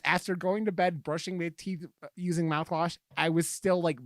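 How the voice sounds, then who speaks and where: A man hosting a podcast in casual chat, swearing often and rambling with animated outbursts. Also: a little high, moderate pace, dry recording, clean studio sound. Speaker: podcast host.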